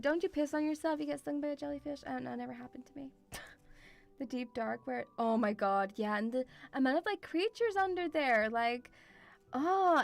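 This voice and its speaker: High-voiced woman, rambling stream chat. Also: vocal fry. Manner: rambling, swears a lot, many fillers. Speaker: VTuber streamer.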